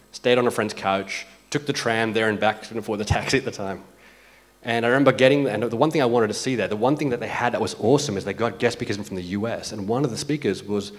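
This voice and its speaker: A man giving a motivational keynote as an agency founder, telling stories in a conversational way, full of "like" and "right?". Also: fairly low pitch. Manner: conversational storytelling with frequent "like" and "right?". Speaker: conference speaker and agency founder.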